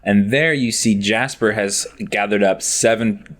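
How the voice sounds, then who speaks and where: A man's voice: fairly low pitch, measured pace, a bit bright, slight background noise. A man narrating as game master of a tabletop game, laughing often as he goes.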